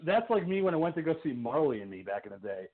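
A man's voice: a little high, big pitch swings, quick pace, narrow, tinny audio, crowd noise. A man co-hosting a horror podcast in casual chat, laughing often and telling stories with swearing. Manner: laughing, profane storytelling. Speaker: podcast co-host.

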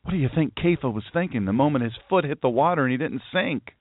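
A man's voice: medium pitch, lively intonation, quick pace, no room sound, narrow, tinny audio. A man preaching a sermon who tells the story dramatically and acts out the voices of the people in it. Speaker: pastor.

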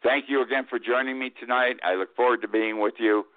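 A man's voice: medium pitch, steady tone, fairly quick, no room sound. An older man hosting a talk radio show, giving a rambling, folksy, opinionated monologue full of restarts. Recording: tinny phone-like radio line.

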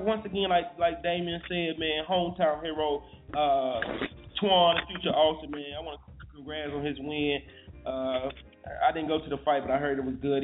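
A man co-hosting a casual morning talk show, relaxed and slangy, dropping "man" after nearly every phrase. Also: a little high. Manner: laid-back slang, says "man" constantly. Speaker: radio show co-host. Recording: tinny phone-like line with faint music.

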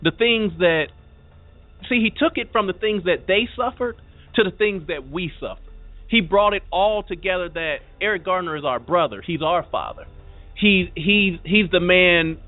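A man's voice: high-pitched, animated, moderate pace, no room sound. A man speaking as a talk show guest, earnest and repeating himself for emphasis. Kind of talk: casual chat. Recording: tinny phone-like audio with faint music.

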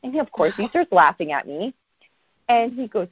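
A woman guest telling a story in a casual interview, lively and self-deprecating, acting out the voices of people she quotes. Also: mid-range voice, moderate pace, dry recording, muffled recording.

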